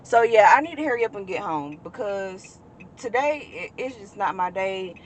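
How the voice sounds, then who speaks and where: Young woman, twenties, casual vlogger, chatty and blunt, clear road noise underneath. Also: mid-range voice, lively intonation. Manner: chatty, venting and cursing at slow traffic. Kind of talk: casual vlog chat. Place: in a car, then at home.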